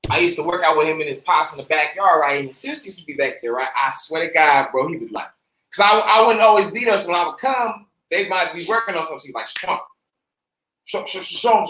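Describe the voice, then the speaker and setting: A man in casual chat, telling stories in a relaxed, slangy way. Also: a little high, fast. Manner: relaxed slangy storyteller, many fillers. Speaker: co-host. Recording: echoey room, faint noise.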